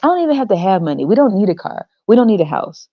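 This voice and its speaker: A woman putting on the voice of a doting mother who sings to her child in a slow, drawn-out, mocking sing-song. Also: medium pitch, very animated, muffled recording, pitched above the performer's own voice.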